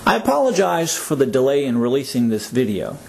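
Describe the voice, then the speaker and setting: A man teaching English pronunciation in a slow, measured scripted lesson, repeating words for learners to echo. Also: mid-range voice, very animated, vocal fry, slight background noise.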